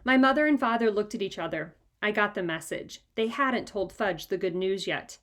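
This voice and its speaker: A woman reading a children's chapter book aloud in a lively, expressive way. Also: medium pitch, normal speed. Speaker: reader. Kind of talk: storybook read-aloud.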